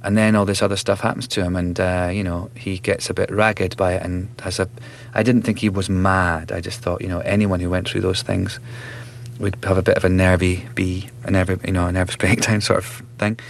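Chatty Scottish man, lowish voice. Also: little pitch movement, brisk, gravelly, slight background noise. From Scotland. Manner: chatty and self-mocking, laughs often. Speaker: actor, interview guest. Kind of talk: relaxed interview chat.

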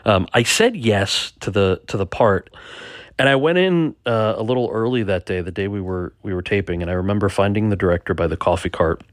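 A man's voice: fairly low pitch, fairly quick, no room sound, studio quality. A man, an actor and author, recounting his experiences in a reflective interview, often repeating words as he talks. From United States. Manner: reflective, stammers and repeats words, animated quoting. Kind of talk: storytelling interview.

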